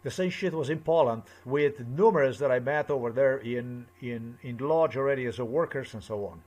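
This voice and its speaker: A man's voice: mid-range voice, normal speed, darkish tone. A man delivering an angry personal monologue, swearing often and repeating himself as he rants. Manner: agitated, profane, repetitive ranting. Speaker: vlogger.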